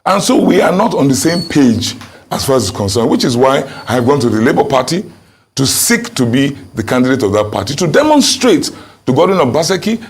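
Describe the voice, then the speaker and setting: This is a Nigerian man with a slightly husky, breathy voice at an ordinary middle pitch. He answers questions as a political candidate, pressing each point with emphatic insistence. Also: sing-song, a little fast. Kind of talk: interview answers.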